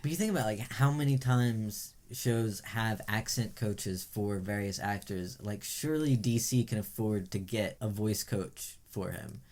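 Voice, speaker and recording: Low-voiced man giving opinionated TV critique. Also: a little slow, hardly any pauses, a little mellow. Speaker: podcast co-host. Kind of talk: casual chat reviewing TV shows.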